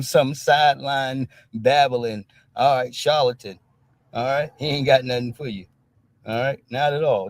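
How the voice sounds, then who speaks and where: A man hosting a casual live-stream commentary, blunt and profane, who keeps punctuating his points with a tag question. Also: medium pitch. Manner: emphatic, keeps punctuating with "all right?"; blunt and profane street talk.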